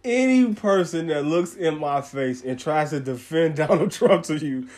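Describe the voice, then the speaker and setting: A man from the United States in casual podcast chat, animated and profane, quick to laugh. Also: on the high side.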